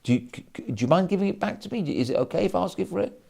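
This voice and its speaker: A man acts out a put-upon lender who stammers and pleads, his voice rising high and jumping around. He sounds fed up. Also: lively intonation, racing, vocal fry, a little mellow, full character voice. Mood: hesitant. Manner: hesitant, stammering pleas. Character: pleading, exasperated secular Jewish man.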